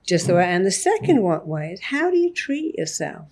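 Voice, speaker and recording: A woman with a somewhat low voice is a guest in an interview. She speaks emphatically and acts out short example lines as she explains. She sounds animated and sure of what she says. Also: brisk. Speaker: therapist guest. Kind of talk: interview conversation.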